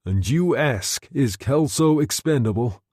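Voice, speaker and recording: A man reading a novel aloud, voicing an agitated wartime general who speaks in a slow, grave way. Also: mid-range voice, lively intonation, darkish tone, no room sound, studio quality.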